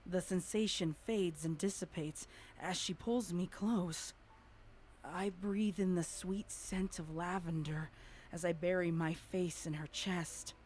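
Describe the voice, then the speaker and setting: A woman narrating an audio drama as a young pony mare overcome by guilt, speaking in a halting, stammering way. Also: lowish voice, steady tone, darkish tone, a little hiss or hum. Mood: shaken.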